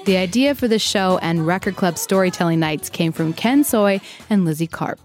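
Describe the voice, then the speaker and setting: A woman hosting a radio show, introducing a segment and asking relaxed, conversational questions in a studio. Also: on the low side, normal speed, soft background music. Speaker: radio host. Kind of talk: radio narration and interview.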